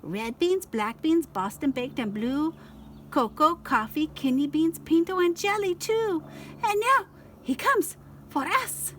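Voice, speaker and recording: A tiny, chatty little male Chihuahua with a high, sing-song way of rattling off lists, as a woman reading aloud puts him on. Raised pitch and plenty of bounce keep him small and dramatic. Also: animated, slow pace, a bit bright, distant mic, a little hiss or hum, full character voice.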